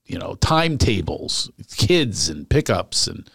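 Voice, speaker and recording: A man, a stand-up comic, chatting casually and telling animated stories, acting out the people he quotes. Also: deep voice, unhurried, vocal fry, slightly rough, dry recording, clean studio sound. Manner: animated storyteller, acts out quotes. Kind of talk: casual podcast chat.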